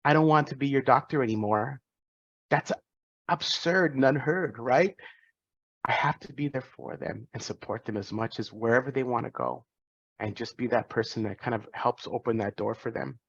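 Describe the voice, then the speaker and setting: A man in his forties speaks earnestly to students, reflecting on his path and often restarting a phrase. His voice sits at an ordinary pitch. The recording is dry and a little dull. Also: moderate pace, vocal fry, breathy edge, no echo. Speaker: physician and guest speaker. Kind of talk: personal talk to students.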